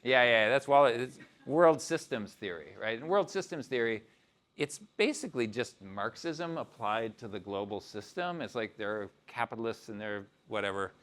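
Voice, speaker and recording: Guest lecturing at a university, a man speaks informally in a mid-range, slightly bright and expressive voice at normal speed. He keeps it conversational and loose, with plenty of asides, restarts and "you know."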